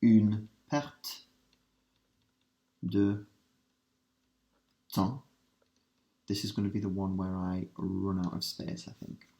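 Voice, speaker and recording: A man teaching a revision lesson, working through translations step by step and asking his students quick questions. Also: lowish voice, steady tone, vocal fry, mellow. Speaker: language teacher. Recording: roomy echo.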